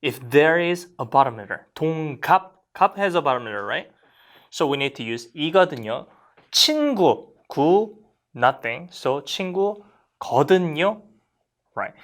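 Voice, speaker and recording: Lively-pitched Korean language teacher. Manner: models Korean phrases slowly for learners to repeat; lively, questioning classroom delivery. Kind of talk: explaining grammar to learners.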